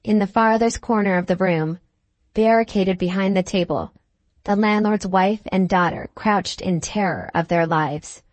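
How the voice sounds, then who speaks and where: A woman reading a classic novel aloud as an audiobook narrator, in a measured, dramatic manner. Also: mid-range voice, no echo. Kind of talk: scripted narration.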